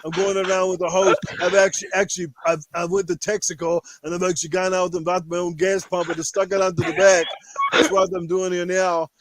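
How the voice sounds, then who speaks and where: A man doing a crude, brash impression of an aging action-star man, ranting loudly with lots of swearing on a podcast. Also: high voice, little pitch movement, fairly quick, slight background noise, close to an everyday voice. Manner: loud, profane ranting.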